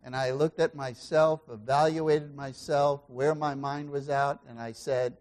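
A man preaching a sermon as pastor, asking the congregation questions and swinging between loud exclamations and quiet asides. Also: mid-range voice, normal speed, hardly any pauses.

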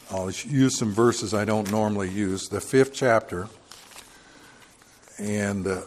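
A man teaching a verse-by-verse Bible sermon, reading scripture slowly and loudly and adding emphatic, dismissive asides. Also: on the low side. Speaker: preacher. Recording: long hall reverb.

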